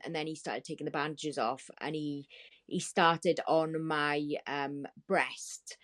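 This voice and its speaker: A woman guest on a talk show, telling a painful story in a halting, distressed way with many restarts. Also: sits low, fairly even intonation, a bit bright. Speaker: podcast guest. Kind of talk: emotional storytelling.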